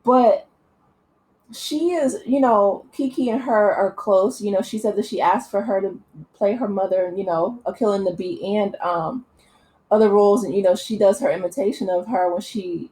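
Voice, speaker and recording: A woman's voice: mid-range voice, moderate pace, mellow, low-quality recording. A woman vlogger giving impassioned, earnest opinion commentary, with many fillers and restarts.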